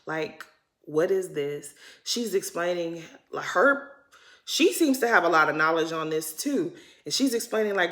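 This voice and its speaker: A woman's voice: fairly low pitch, lively intonation, unhurried, a bit bright. A woman giving a casual, opinionated recap of a reality TV episode, talking in chatty slang and laughing often. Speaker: recap host.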